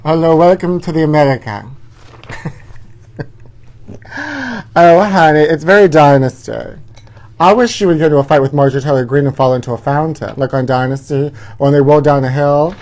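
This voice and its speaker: A man's voice: on the high side, moderate pace, pauses often, a little mellow. A man hosting a live gossip show from his parents' house, talking in a sassy, campy way and calling everyone honey.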